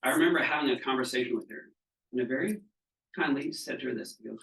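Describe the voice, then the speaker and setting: A middle-aged man with a mid-range voice and vocal fry speaks quickly and fairly brightly, leading a live wellness training seminar. He's chatty and casual, frequently checking whether the audience is following. He's recorded from a distance, off mic, in an echoey room.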